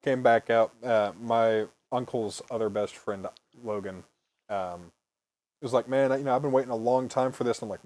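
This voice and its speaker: A man's voice: medium pitch, moderate pace, darkish tone. A man in his early twenties, host of a casual podcast, telling rambling stories, swearing freely and laughing often. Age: early 20s. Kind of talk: casual storytelling chat.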